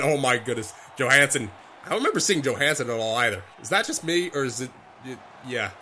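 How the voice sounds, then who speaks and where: A man's voice: mid-range voice, normal speed, sharp tone, slight background noise. A young man commentating his own hockey video game, out of breath, nervous and pleading, calling the plays like a broadcaster. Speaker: gaming YouTuber playing a hockey franchise.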